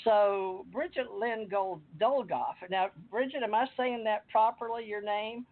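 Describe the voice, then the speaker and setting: A woman's voice: medium pitch, unhurried. Older woman host on a tinny phone line. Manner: chatty, rambling, reads a bio aloud. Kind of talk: casual call-in interview. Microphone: phone or computer call.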